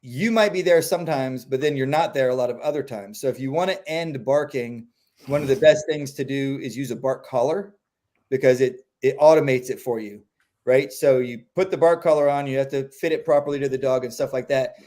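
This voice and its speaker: A man who trains dogs, talking through training tips in a relaxed, animated way and acting out the quotes he gives. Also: medium pitch, brisk. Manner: animated, acts out quotes in voices. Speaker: dog trainer. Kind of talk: casual explanatory chat.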